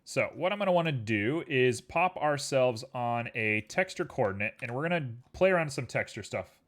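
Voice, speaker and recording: A man's voice: mid-range voice, animated, moderate pace. A man streaming live, chatting casually with his viewers in a playful, joking way while he works. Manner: playful, jokey, rambling asides to chat. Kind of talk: casual chat while working.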